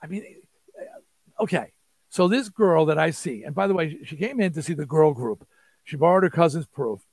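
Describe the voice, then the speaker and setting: A man, telling an animated, rambling story as an interview guest and acting out quotes. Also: a little high, moderate pace, no echo. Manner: rambling, restarts, acts out quotes. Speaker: interview guest, rock singer.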